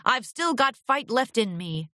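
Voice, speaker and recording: A woman voicing a gruff, scratchy older male pony who is a secret agent boss, blunt and commanding in a storybook reading. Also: fairly high pitch, very animated, measured pace, sharp tone, no room sound, studio quality, full character voice.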